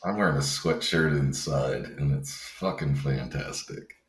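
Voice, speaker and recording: A man's voice: a bass voice, unhurried, roomy sound. A man co-hosting a podcast in casual chat, easygoing, laughing often and swearing freely. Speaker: podcast co-host.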